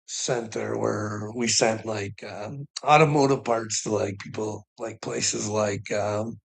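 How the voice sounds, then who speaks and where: A man's voice: on the low side, fairly even intonation, takes it slowly, creaky, breathy edge, poor audio. A Canadian man ranting casually to his viewers, rambling and profane, with frequent chuckles. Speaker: vlogger.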